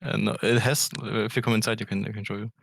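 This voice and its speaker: A man in casual voice chat while gaming, speaking in a hesitant, low-key way. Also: fairly even intonation, fast, gravelly, a bit bright, slightly rough. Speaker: game player.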